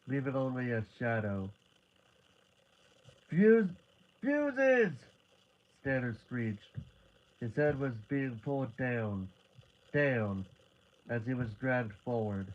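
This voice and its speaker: A man giving a live reading of a horror short story, steady and building tension, now and then restarting a word. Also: medium pitch, lo-fi sound. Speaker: reader.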